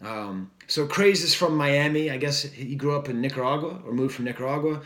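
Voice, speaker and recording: A man's voice: mid-range voice, fairly quick, a bit bright, roomy sound. A man giving a casual, rambling record review, full of fillers and enthusiastic asides. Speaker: music reviewer.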